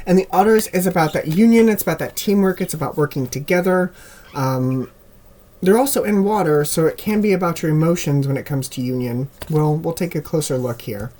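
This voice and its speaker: A tarot reader with a fairly high voice gives a loose, rambling reading to the camera, saying "um" a lot. His voice is slightly worn, as if he's starting to lose it. He's recorded at home on a camera mic, with birds chirping in the background.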